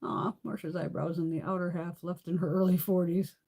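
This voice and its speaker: A middle-aged woman hosting a beauty livestream, telling stories in a loose, animated way, swearing freely and laughing often. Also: on the low side, brisk. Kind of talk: casual chat.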